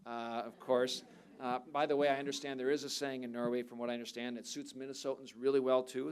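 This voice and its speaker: A man's voice: medium pitch, level tone, fast, clean tone. A man, a politician, giving earnest, conversational panel remarks at a seminar with touches of light humor. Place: seminar venue.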